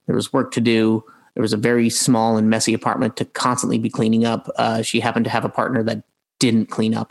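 A man, an actor, answering interview questions casually, halting with many fillers and restarts. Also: mid-range voice, creaky, rough recording.

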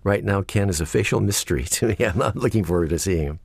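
An older man speaking candidly and deliberately over a phone call. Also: sits low, gravelly, no room sound, clean studio sound.

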